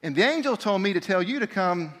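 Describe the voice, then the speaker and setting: Preacher man with a slightly high voice. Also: animated, a little fast, fairly bright tone. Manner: conversational retelling, briefly voicing the people in the story; reads scripture aloud with emphasis. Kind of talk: sermon storytelling.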